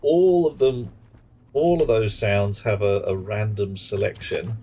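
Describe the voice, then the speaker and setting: Male game streamer, lowish voice, casual live chat that mutters at the game, faint noise behind. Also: lively intonation, unhurried, dark tone. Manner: mutters at game objects and chats to viewers.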